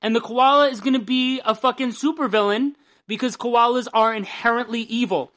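A man's voice: very high-pitched, fairly even intonation, fairly quick, a bit bright. A young man co-hosting a casual comics news podcast, rambling and joking with a lot of swearing. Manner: rambling, profane, jokey. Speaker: podcast co-host.

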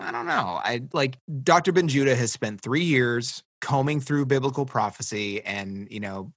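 A man co-hosting a casual book discussion podcast, sarcastic and animated, mocking others in quick put-on quotes. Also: medium pitch, dry recording. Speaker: podcast co-host.

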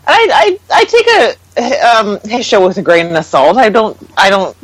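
A woman's voice: mid-range voice, unhurried, no echo, rough recording. A woman co-hosting a podcast, chatting casually and acting out what others said with exasperation. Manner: animated, exasperated, acts out quotes. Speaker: podcast co-host. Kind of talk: casual chat.

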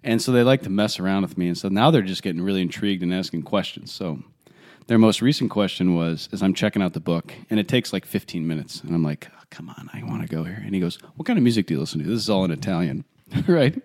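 A young man from Colorado co-hosts a relaxed podcast chat with a fairly low voice. He tells stories in an animated, self-mocking way, swinging up high when he acts out what people said and laughing along as he goes. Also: fast talker. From Colorado, USA. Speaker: podcast co-host. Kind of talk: casual chat.

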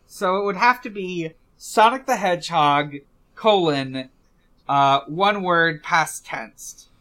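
A man's voice: high-pitched, animated, slow pace, pushed and bright. A man co-hosting a podcast, chatting casually, hesitant, with many fillers and restarts. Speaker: podcast co-host.

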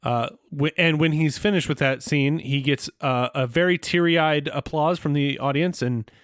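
A man's voice: a little high, normal speed, no echo, clean studio sound. A man co-hosting a casual podcast chat about a cartoon, laughing often and speculating. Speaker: podcast co-host.

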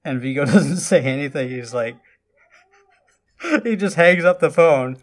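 A man's voice: on the high side, lively intonation, measured pace. A man in casual chat, retelling a movie scene by scene in a rambling way, with restarts and quoted lines.

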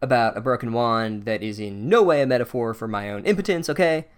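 A man's voice: mid-range voice, brisk, clear, resonant tone, lightly acted. A man voicing a whiny, sarcastic teenage boy sidekick in a mocking tone.

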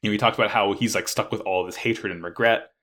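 A man's voice: fairly low pitch, fairly even intonation, fast, a bit bright. A man recapping a plot in casual chat, rambling with lots of fillers and swearing. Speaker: podcast co-host recapping an anime.

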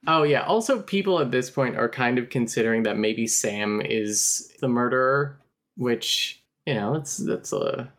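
A woman's voice: very deep voice, measured pace. A woman co-hosting a podcast and discussing a horror film in a chatty, analytical way, with wry asides. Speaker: podcast co-host. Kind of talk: casual film discussion chat.

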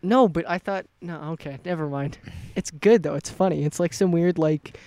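Joking podcast co-host, a fairly high but mellow voice, dry close sound. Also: male voice, moderate pace, no echo. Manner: joking and teasing, loose and rambling. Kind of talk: casual chat among friends.

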